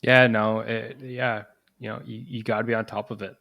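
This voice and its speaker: A man's voice: lowish voice, flat delivery, moderate pace, vocal fry, pushed and bright. A man hosting a podcast, talking casually in an interview conversation with many loose fillers. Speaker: podcast host.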